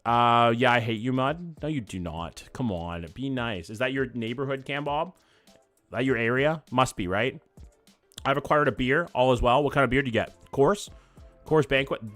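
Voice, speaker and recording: A man's voice: medium pitch, fairly bright tone, no echo. A young man, chatting casually with his live-stream chat while playing a guessing game and thinking aloud. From Canada. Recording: dry close mic with faint background music.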